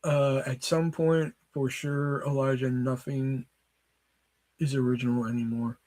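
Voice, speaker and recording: A man in his thirties hosting a casual livestream, rambling and swearing as he tells animated stories. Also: mid-range voice, a little slow. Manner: rambling, profane, animated storytelling. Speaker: livestream host.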